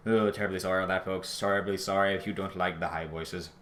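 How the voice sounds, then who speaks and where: A man giving a casual, rambling episode review, often correcting himself and apologizing, his voice jumping high when he gets out of breath. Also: fairly even intonation, fast, fairly bright tone, slight background noise. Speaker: show reviewer.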